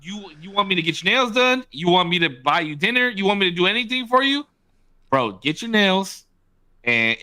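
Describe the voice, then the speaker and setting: A young man co-hosting a podcast, chatting in an excitable, animated way with swearing and laughs. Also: fairly high pitch, clear, resonant tone, no room sound. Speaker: podcast co-host. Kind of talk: casual podcast chat.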